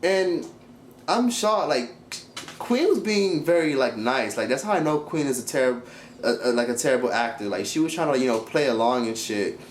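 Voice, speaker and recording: A young man casually reviewing a reality show, blunt and profane, talking in an animated way. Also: medium pitch, normal speed, reverberant, a little hiss or hum. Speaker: YouTube commentator.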